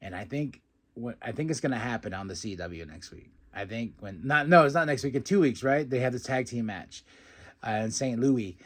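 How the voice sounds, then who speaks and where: A man's voice: medium pitch, fairly quick. A young man hosting a podcast, casually recapping a wrestling show and acting out the wrestlers' lines in put-on voices, with frequent laughs. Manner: animated, acts out quotes in put-on voices, laughs often.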